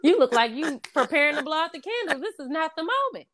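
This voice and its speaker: Brief: woman host, fairly high voice, lively and laughing, acts out movie characters. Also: fast. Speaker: podcast host. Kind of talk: casual chat.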